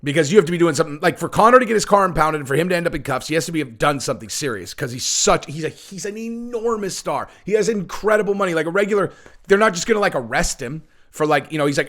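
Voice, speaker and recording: A man's voice: fairly high pitch, lively intonation, a little fast, a bit bright. A middle-aged man giving casual ranting commentary on fighting sports, brash and profane, rambling with lots of fillers. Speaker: MMA commentator, channel host.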